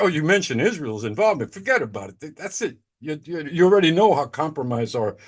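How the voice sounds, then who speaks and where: A man in a casual video-call chat, talking excitably in rambling stretches, repeating words and trailing off. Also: a little high. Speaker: participant in an online chat.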